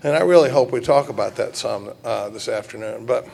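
Folksy man with a gravelly voice. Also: medium pitch, a little mellow, slight background noise. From Dallas, Texas. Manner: folksy, joking, halting with fillers and restarts. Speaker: recovery meeting speaker. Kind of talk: personal talk to a recovery group.

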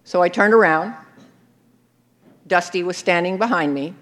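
A woman's voice: lowish voice, a little slow. Wry, laughing woman telling her story. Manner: wry, self-mocking, often laughing. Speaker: speaker sharing her recovery story. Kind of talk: personal storytelling talk.

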